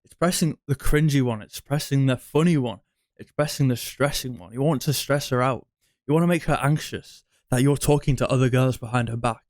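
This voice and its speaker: A man's voice: medium pitch, a little fast, a little mellow, no room sound, studio quality. A young man giving dating advice in a blunt, crude, rambling monologue that circles back on itself.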